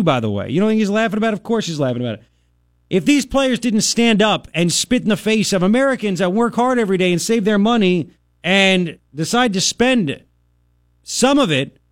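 Male radio host in his thirties, high and lively, sarcastic rant, dry booth. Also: dry recording. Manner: animated, sarcastic, mocking impressions. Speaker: radio talk show host. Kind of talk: opinionated talk radio monologue.

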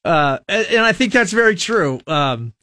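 A man's voice: high-pitched, big pitch swings, moderate pace, sharp tone, no room sound. A middle-aged man from the United States hosting a local radio show in a studio, rambling in a casual, self-mocking way and laughing at his own slips. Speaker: radio host. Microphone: studio microphone.

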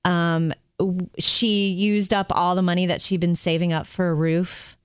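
A woman's voice: lowish voice, level tone, a little slow, clear, resonant tone, no echo, clean studio sound. A woman co-hosting a chat show, telling a personal story earnestly. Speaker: co-host. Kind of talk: casual chat.

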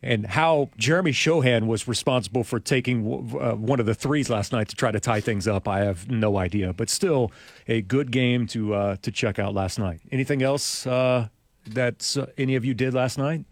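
A male radio host chatting casually in a studio, rambling along and chuckling often. His voice sits at a middle pitch. The sound is close and dry. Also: normal speed, dry recording. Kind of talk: casual morning show chat.

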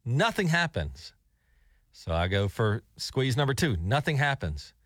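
Animated male radio co-host, dry studio sound. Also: medium pitch, unhurried, no echo. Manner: animated storytelling, chuckling. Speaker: radio morning show co-host. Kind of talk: casual radio banter. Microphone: studio microphone.

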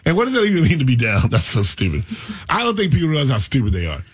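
A man hosting a radio talk show, rambling and animated as he tells stories. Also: medium pitch, quick pace, breathy edge. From Florida. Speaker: radio host.

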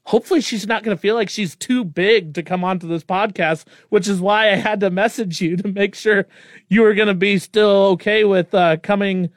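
A man's voice: high-pitched, fairly even intonation, normal speed, dry recording, clean studio sound. A man hosting a casual podcast interview, who laughs often and keeps his replies short. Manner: laughs often, brief affirmations. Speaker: podcast host.

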